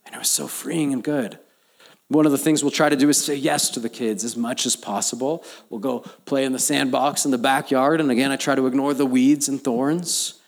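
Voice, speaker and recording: A man preaching a sermon as pastor, telling personal stories, building to emphatic lines and dropping to quiet, low asides. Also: steady tone, a little fast, vocal fry. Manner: storytelling, rising to emphatic peaks then dropping soft and low.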